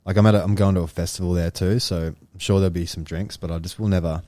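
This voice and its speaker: Deep, dark-voiced man. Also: steady tone, no echo. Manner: storytelling, swears freely, quick asides. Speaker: podcast co-host. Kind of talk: casual chat.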